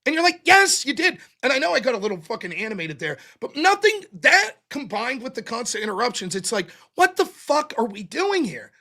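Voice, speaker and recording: A man hosting a debate show, recapping a heated debate in a casual, profane, animated way and quoting his opponent. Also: very high-pitched, fairly quick, creaky, hardly any pauses. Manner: animated, profane, quotes opponents in mocking voices.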